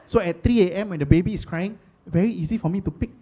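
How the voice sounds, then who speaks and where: A woman's voice: on the low side, fast, mellow, a little hiss or hum, lightly acted. A man voicing an exasperated young wife who scolds and lectures with a Singaporean accent, repeating herself. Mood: lecturing. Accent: Singaporean English.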